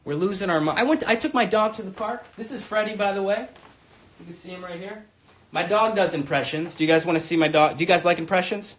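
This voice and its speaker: A man in his thirties hosting a comedy live stream from his room, brash, crude and rambling, swinging between shouting and muttering. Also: high-pitched, fast. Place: home room.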